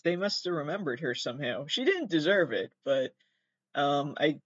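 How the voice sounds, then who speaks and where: With a fairly high pitch, a man hosts his podcast as a solo commentary on odd news stories, rambling, profane and self-mocking throughout. The sound is lo-fi with no room sound.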